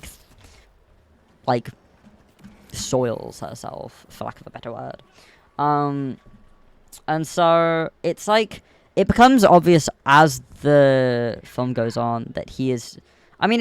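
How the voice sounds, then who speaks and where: Smooth-voiced young man rambling. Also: medium pitch, no echo. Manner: rambling, animated retelling full of ums. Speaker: streamer. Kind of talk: casual chat.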